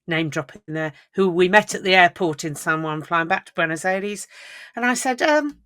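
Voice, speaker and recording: A woman co-hosting a podcast, telling travel stories in lively casual chat and laughing often. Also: on the low side, moderate pace, no room sound, studio quality. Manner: chatty, animated storyteller who laughs often. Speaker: podcast co-host.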